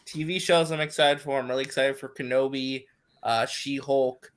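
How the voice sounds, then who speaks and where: A man's voice: medium pitch, steady tone, normal speed, clean tone. A man on a casual panel chat, teasing the others and listing his picks with hesitations.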